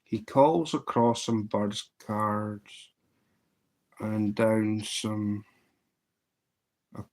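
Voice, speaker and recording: A Scottish-accented man jokes casually on his fly tying livestream, spinning long, meandering stories, restarting as he goes and saying "says" a lot. He speaks extremely slowly in a lowish, darkish voice with fairly even intonation.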